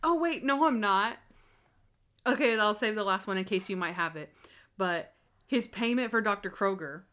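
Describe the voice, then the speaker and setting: A woman's voice: mid-range voice, animated, sharp tone. Giggly rambling woman podcast co-host. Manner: rambling, giggly, quick asides. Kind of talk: casual chat.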